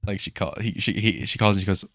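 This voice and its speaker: Fast-talking deep-voiced young man. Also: no room sound, clean studio sound. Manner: animated retelling, acts out others' lines, swears casually. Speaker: podcast co-host. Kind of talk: casual storytelling chat.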